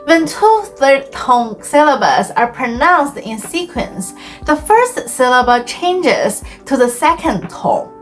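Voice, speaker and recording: A woman teaching Chinese in a clear, deliberate scripted explainer, slowing down to model tones. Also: high voice, very animated, soft background music.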